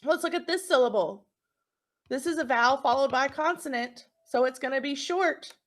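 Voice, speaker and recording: Her voice sits high and a bit bright as this woman teacher records a phonics lesson for young kids. She sounds out words slowly and keeps encouraging them along the way.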